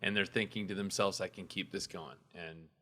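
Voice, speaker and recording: A man co-hosting a podcast in casual talk, animated and a little halting, often repeating words. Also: sits low. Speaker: podcast co-host.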